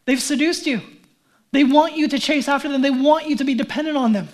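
A man's voice: very high voice, a little fast, darkish tone, pitched above the performer's own voice. A man voicing a pleading, urgent apostle. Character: impassioned apostle, grown man, pleading and stern.

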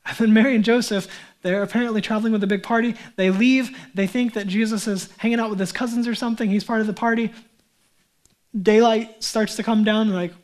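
A man's voice: high voice, fairly even intonation, a little fast. A man, a pastor, preaching a sermon in a conversational way, often asking and answering his own questions.

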